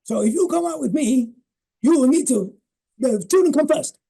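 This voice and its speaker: A firm, straight-talking young single mother speaks in a high, clipped voice, done by a man. The tone stays dark and mellow under the raised pitch. She is blunt and businesslike. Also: lively intonation, normal speed, vocal fry, husky, full character voice.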